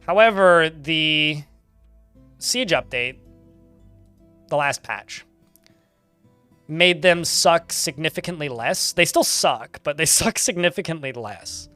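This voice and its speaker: A man's voice: fairly high pitch, lively intonation, slow pace, pauses often, pushed and bright, clean tone, no room sound, soft background music. A man giving casual, chatty commentary while playing a game, laughing often and swearing offhand.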